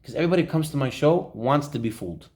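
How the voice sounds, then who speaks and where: Telling stories in an informal Torah class, a rabbi speaks fast in a mid-range voice. He brings animation to the tales and acts out the quotes.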